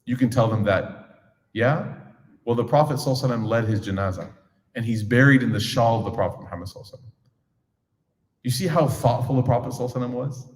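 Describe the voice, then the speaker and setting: A man's voice: mid-range voice, very fast, long pauses. Joking man teaching in an echoey hall. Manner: casual, joking, acts out little scenes. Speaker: religious teacher. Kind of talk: lively talk to a young audience. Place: large echoing hall.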